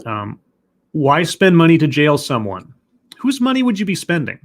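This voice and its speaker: A man's voice: a little high, huge pitch swings, moderate pace. A man reading an essay aloud on a live stream, stopping often to question it with dry, sardonic remarks.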